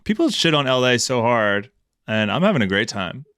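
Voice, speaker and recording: A man's voice: medium pitch, very animated, normal speed, a bit bright, smooth, dry recording, studio quality. A man in his thirties co-hosting a podcast, chatting casually with jokes and the odd swear word. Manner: laid-back, joking, swears casually. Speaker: podcast co-host. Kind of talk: casual chat.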